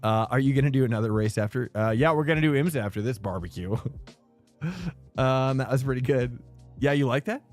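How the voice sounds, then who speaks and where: A man's voice: medium pitch, brisk, darkish tone, soft background music. A man streaming sim racing, chatting loosely with viewers and saying dude and bro. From United States. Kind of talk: casual live-stream chat.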